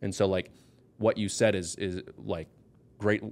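A man with a fairly low voice speaks candidly as a podcast guest. He is blunt and emotional, and his voice rises and pushes hard on key words. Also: fairly even intonation, a little slow. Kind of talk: candid personal conversation.

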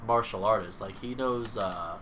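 A man in casual, excitable banter who keeps saying "dude". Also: on the low side, moderate pace. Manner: excitable, says "dude" a lot. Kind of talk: casual banter about martial arts movies. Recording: distant mic with background noise.

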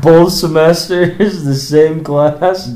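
A man's voice: on the high side, steady tone, slow, dark tone. A young man co-hosting a podcast, teasing and laughing in casual chat. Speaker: podcast co-host. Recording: echoey room.

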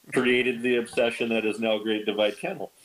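A man guest on a podcast, telling stories in casual chat, lively and animated, acting out quoted lines with big jumps in pitch. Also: moderate pace, poor audio. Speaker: podcast guest, bird dog kennel owner.

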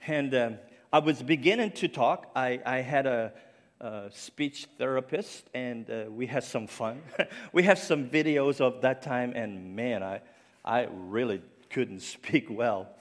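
Slow earnest preacher, faint French-like accent. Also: male voice, mid-range voice. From Cape Breton Island, Canada. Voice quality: speech faintly like a French accent, left by a stroke. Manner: slow, earnest, personal, with restarts. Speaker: ministry speaker. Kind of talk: sermon. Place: church sanctuary. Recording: long reverb of a large church.

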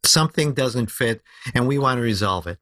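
A man talking as a podcast guest about storytelling. He explains in an animated, lively way and slows down to stress his key ideas. His voice sits at an average pitch, and the recording is close and dry. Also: no room sound. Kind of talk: conversational podcast interview.

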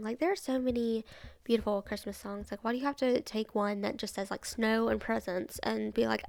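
A young woman hosts a chatty podcast, rambling through her opinions with lots of fillers and laughs. Her voice sits a little high and has a gravelly fry. The sound is dry and close to the mic. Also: steady tone, normal speed, no room sound. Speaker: podcast host. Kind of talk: casual opinion chat.

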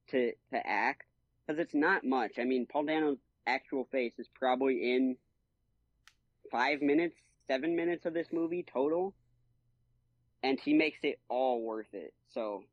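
A man's voice: mid-range voice, no room sound. An enthusiastic man chats on a podcast with plenty of slang. He keeps slipping into other voices to act out quotes. His sound is dry and a little muffled, like a cheap lo-fi mic. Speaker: podcast co-host. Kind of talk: casual podcast chat.

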